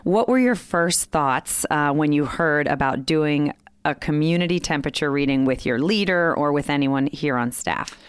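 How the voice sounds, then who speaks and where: A woman's voice: sits low, normal speed, smooth, no room sound. A woman co-hosting a casual chat, thoughtful and curious as she asks her guest questions. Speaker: co-host asking the guest questions.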